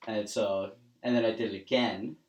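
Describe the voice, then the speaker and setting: A man's voice: on the low side, fairly even intonation, normal speed. A teenage man co-hosting a podcast, chatting casually, teasing his co-host and jumping in with corrections. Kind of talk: casual chat. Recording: echoey room with faint noise.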